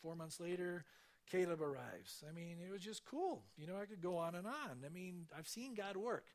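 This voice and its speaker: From a church stage, a man shares testimony stories in a casual, conversational sermon style at normal speed. His voice sits a little high for a man, and he acts out the voices he quotes with lively swings.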